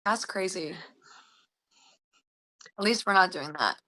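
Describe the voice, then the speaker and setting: Young US actress, casual interview guest, bright voice, rambling and chatty with lots of fillers. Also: female voice, fairly low pitch, animated, slow pace. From United States.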